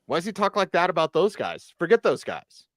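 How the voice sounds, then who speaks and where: A male sports radio co-host with a slightly high voice that swings widely in pitch. He jokes and stays lively, on a dry studio mic. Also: brisk, no echo. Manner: lively, joking. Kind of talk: sports talk radio chat.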